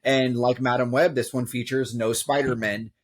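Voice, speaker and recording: A man's voice: medium pitch, steady tone, moderate pace. A man co-hosting a podcast, talking casually and matter-of-factly about films he watched. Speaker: podcast co-host. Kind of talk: casual movie review chat.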